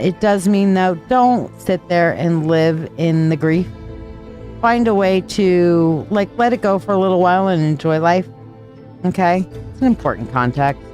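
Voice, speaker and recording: A woman's voice: on the low side, darkish tone. A woman hosting a live tarot reading. She talks in a loose, rambling, affectionate way and calls her viewers sweetheart. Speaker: tarot reader and live stream host.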